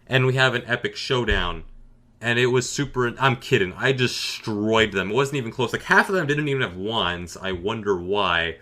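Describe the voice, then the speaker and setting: A man telling a comedic gaming story with dry, sarcastic boasting. His pitch swings widely through the telling, and his voice is bright and forceful. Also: expressive, normal speed.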